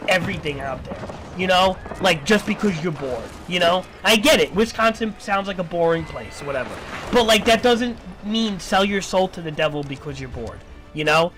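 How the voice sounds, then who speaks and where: A man's voice: high voice, expressive, moderate pace, over music. A man streaming, ranting in a lecturing, repetitive and profane way. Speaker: livestreamer. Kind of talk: casual stream rant.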